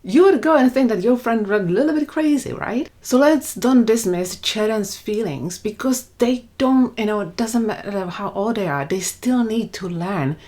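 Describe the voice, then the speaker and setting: A woman's voice: fairly high pitch, animated, normal speed, few pauses, darkish tone. A woman in her thirties, a stepmom and mom, talking casually to camera about parenting. She is chatty, acts out the lines she quotes, and her grammar slips now and then.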